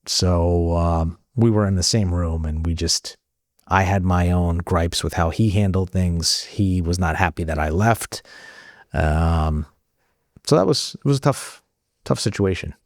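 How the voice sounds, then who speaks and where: Low-voiced man telling a personal story. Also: a little slow, dry recording, clean studio sound. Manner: animated when acting out dialogue, frequent restarts. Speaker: guest. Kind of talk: conversational storytelling.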